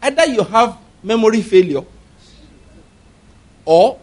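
High-voiced preacher, from murmurs to exhortation. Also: male voice, lively intonation, slow. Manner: swings between low murmurs and loud exhortation; asks the congregation rhetorical questions. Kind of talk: sermon.

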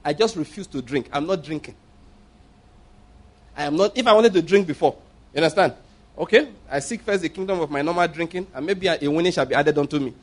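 A man's voice: on the high side, brisk. A man preaching a sermon as a pastor, emphatic, repeating phrases and firing rhetorical questions at his listeners.

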